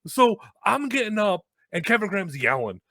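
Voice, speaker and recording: A young man hosting a casual chat, telling a story with lots of swearing and loud acted-out quotes. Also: sits high, normal speed, no room sound. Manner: animated, swearing, acts out quotes loudly. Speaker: host.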